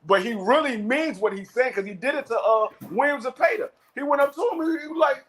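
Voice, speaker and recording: A man talks boxing as co-host in a casual chat. His voice sits high for a man. He stammers through restarts and acts out what others said. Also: a little fast, few pauses, poor audio. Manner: stammering restarts, animated retelling.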